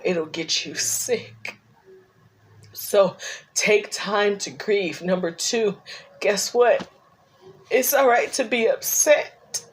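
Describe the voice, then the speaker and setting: A middle-aged woman talks straight to the camera with no script. She speaks earnestly and encouragingly, and her voice wavers into tears at moments. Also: on the high side. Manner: emotional, tearful at times, earnest and encouraging. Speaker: grief vlogger and ministry leader. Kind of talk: unscripted personal talk to camera.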